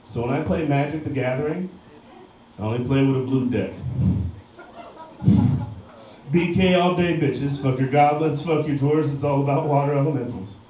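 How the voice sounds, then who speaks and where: A male comedian in his thirties doing a crude stand-up set on a bar stage in front of a live crowd, often shouting his punchlines. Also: mid-range voice, moderate pace, pauses often, a little hiss or hum. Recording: distant mic with heavy bar room echo.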